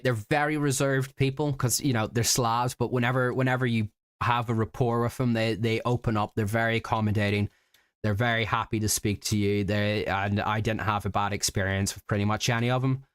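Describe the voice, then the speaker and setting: A man's voice: medium pitch, flat delivery, moderate pace, fairly bright tone, clear, resonant tone, dry recording, studio quality. A man from Britain telling stories in a casual stream. He rambles and halts, with many fillers and restarts. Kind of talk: casual storytelling chat.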